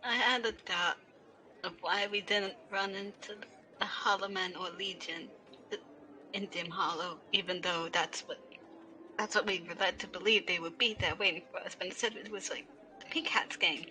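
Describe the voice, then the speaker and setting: Woman player at a tabletop game, bright voice, keeps talking fast when worried. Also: on the low side, steady tone, a little hiss or hum, low-quality recording. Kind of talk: tabletop role-play.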